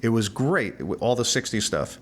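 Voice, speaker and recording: Older male musician guest, animated storyteller who acts out the people in his anecdotes. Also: mid-range voice, a little fast, a little hiss or hum. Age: 60s. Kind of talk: storytelling interview.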